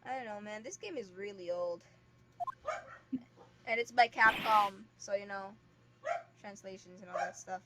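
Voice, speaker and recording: A woman's voice: mid-range voice, normal speed, long pauses. A young woman streaming a game, chatting casually and rambling with lots of filler words. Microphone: streaming mic. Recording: very loud static hiss, poor stream mic. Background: dog.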